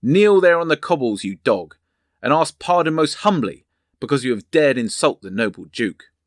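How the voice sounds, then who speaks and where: A man's voice: medium pitch, very animated, moderate pace, dry recording, clean studio sound, natural voice. A man voicing a brutal young nobleman who barks contemptuous orders. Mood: bullying. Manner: barking, contemptuous.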